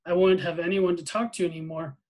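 A man reading a novel aloud, voicing a sad young boy with quiet, sorrowful replies. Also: sits high, little pitch movement, fairly quick, natural voice. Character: sad, thin young boy behind a fence.

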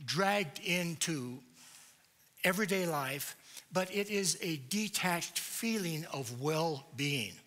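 Man lecturing at church, emphatic and deliberate, slightly high voice, unhurried delivery. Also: sharp tone. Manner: deliberate, emphatic, asks rhetorical questions.

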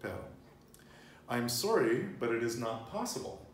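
A man's voice: mid-range voice, sing-song, normal speed. Casual male teacher, 30s, chatty and rambling, roomy home recording with light background hum. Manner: chatty, loose, laughs easily, restarts and digresses. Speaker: Spanish teacher. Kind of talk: casual language lesson.

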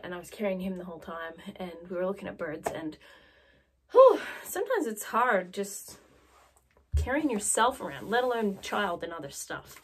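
A woman's voice: medium pitch, animated, normal speed. Chatty Australian woman vlogger. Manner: chatty, rambling, self-mocking humor. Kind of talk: casual chat to camera.

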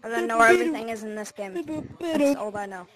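A woman on a VR headset mic in excitable game chat, prone to squeals. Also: on the high side, brisk, over a noisy crowd.

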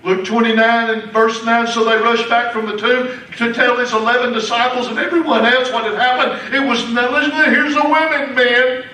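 Southern pastor preaching, high and bright, recorded from afar in a reverberant sanctuary. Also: male voice, steady tone, moderate pace, few pauses. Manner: preaching with sudden loud outbursts. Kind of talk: sermon. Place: church sanctuary. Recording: echoey church hall, distant mic.

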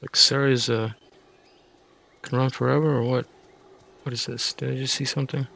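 Guy with a gravelly voice rambling thru a game, grumbly, kinda self-mocking. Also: mid-range voice, little pitch movement, normal speed, bright, forceful tone. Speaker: gaming streamer. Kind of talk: casual gameplay commentary.

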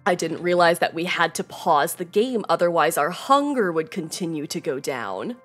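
A woman streaming a game to her chat, bubbly and excitable, laughing often, swearing casually and saying y'all. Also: fairly low pitch, moderate pace, soft background music. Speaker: Twitch streamer. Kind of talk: casual live-stream chat while gaming.

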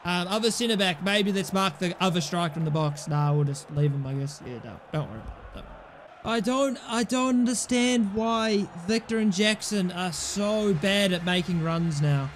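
A man's voice: sits high, moderate pace, hardly any pauses, slight background noise. A young man giving casual commentary over his own gameplay, exasperated and sarcastic, swearing often. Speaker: gaming channel host.

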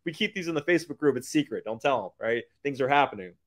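A man giving a hyped motivational business pitch, using street slang and repeating lines for emphasis. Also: lively intonation, fast talker. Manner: hyped, keeps calling out to "guys". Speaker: business coach.

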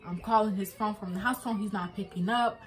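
A woman's voice: medium pitch, steady tone, fairly quick. A young woman vlogger, emotionally retelling a personal story with lots of fillers.

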